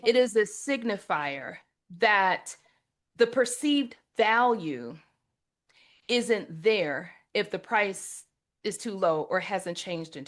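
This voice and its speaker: A woman hosting an interview podcast, telling stories in a lively, conversational way and speaking to listeners as "y'all". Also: medium pitch. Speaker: podcast host.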